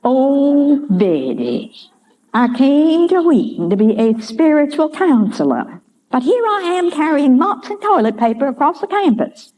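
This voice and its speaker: A woman voicing a gentle, humble elderly Southern lady with a Georgia drawl and a high, breathy, fluttering voice. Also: very animated, a little slow. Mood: gentle, wistful. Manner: soft and wistful. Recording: dull lo-fi recording.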